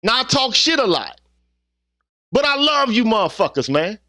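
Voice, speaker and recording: A man's voice: very high-pitched, very animated, normal speed, pushed and bright, no room sound, studio quality. A middle-aged man giving an earnest, preachy, profane monologue to his viewers, ending his sentences with "man.". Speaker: YouTube vlogger. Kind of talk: impassioned casual monologue.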